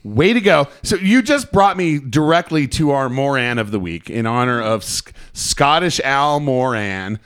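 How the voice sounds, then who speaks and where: A man's voice: mid-range voice, expressive, unhurried, hardly any pauses, fairly bright tone, smooth. A man from Colorado co-hosting a podcast, riffing on football with dry, sarcastic asides. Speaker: podcast co-host. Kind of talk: casual sports chat.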